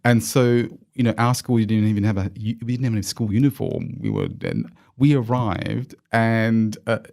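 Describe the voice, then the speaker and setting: A middle-aged Australian man with a low voice talks as an interview guest. He tells his stories energetically and coaches his listeners, often restarting sentences and filling pauses. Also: gravelly. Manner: animated, encouraging, with many fillers and restarts. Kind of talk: casual storytelling interview.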